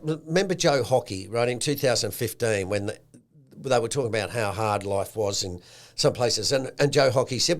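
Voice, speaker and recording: Australian man, podcast host, lively and slangy, mid-pitched voice. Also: moderate pace. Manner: animated, acts out quotes with a slangy tone. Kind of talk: casual chat.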